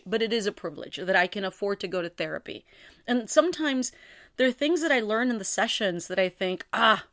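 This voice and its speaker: A young woman talks alone on her podcast in a loose, candid, rambling way and pokes fun at herself. Her voice sits at a middle pitch, and the recording is dry and close. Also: fairly bright tone, dry recording. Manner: candid, rambling, self-deprecating humor. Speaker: podcast host. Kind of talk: casual solo podcast chat.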